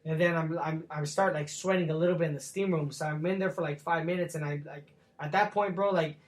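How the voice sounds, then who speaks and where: Young boxer guy in an interview, kinda high voice, says like and bro constantly, swears a lot. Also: fairly even intonation, brisk. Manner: loose slangy talk, full of "like" and "bro", swears freely. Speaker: professional boxer. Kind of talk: casual sit-down interview.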